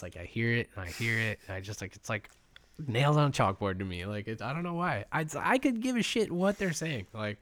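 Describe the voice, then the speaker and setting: A man chatting casually and candidly, swearing freely and getting animated as he explains his point. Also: mid-range voice, no room sound. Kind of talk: casual chat.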